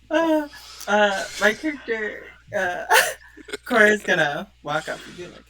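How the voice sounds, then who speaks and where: A woman's voice: medium pitch, sing-song, slow, long pauses, a bit bright, poor audio. A woman player chatting casually at a tabletop game, giggly and hesitant.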